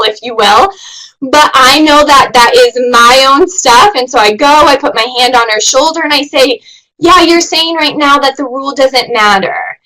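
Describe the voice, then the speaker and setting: A woman's voice: sits high, sharp tone, rough recording. A woman presenting an educational webinar, earnest and emphatic, stressing words by repeating them.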